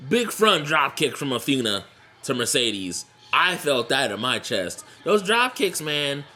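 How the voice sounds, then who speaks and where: Excitable man reacting with bright tone. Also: mid-range voice, measured pace, faint music behind. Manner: excitable, laughs often, swears freely. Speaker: wrestling reaction vlogger. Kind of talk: casual reaction commentary.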